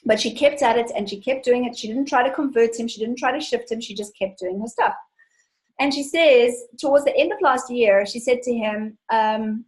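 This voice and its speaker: A woman's voice: fairly high pitch, normal speed, a little mellow, low-quality recording. A woman money coach hosting a live webinar, answering viewer questions with enthusiastic, chatty storytelling.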